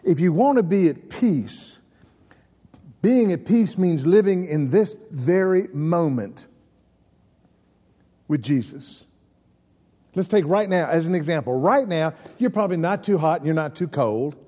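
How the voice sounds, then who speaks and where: A man's voice: a little high, expressive, a little slow, pauses often, mellow, long reverb tail. A man preaching a folksy sermon, telling stories and asking the congregation questions. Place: church.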